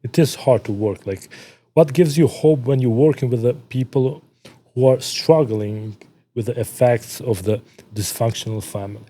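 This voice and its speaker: A man co-hosts a podcast interview, asking questions in a halting way and restarting his words. His voice is very dark and husky. He chimes in with brief reactions while the guest talks. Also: mid-range voice. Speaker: podcast co-host.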